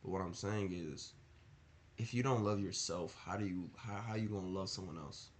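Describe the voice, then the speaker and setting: A man's voice: low voice, moderate pace, a little hiss or hum. A young man giving casual motivational advice in a rambling, earnest way, often asking rhetorical questions. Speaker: motivational vlogger.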